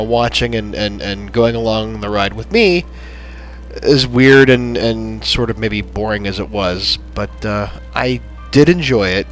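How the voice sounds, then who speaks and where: A man hosting a gaming channel, chatting in a rambling, halting way with lots of fillers as he wraps up a playthrough. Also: on the low side, low-quality recording. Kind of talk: casual gameplay commentary. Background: soft background music.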